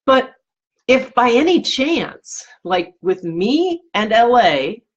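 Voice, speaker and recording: A woman's voice: on the high side, sing-song, takes it slowly, dull audio. A woman talking earnestly to listeners, reflecting on a personal choice and often restarting and repeating her words. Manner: earnest and searching, with frequent self-corrections and repetitions. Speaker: life coach and podcast host.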